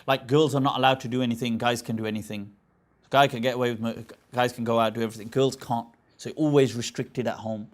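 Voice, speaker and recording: A man's voice: mid-range voice, steady tone, quick pace. A man giving an informal religious lecture, talking conversationally with rhetorical questions and frequent restarts. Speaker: Islamic scholar lecturing.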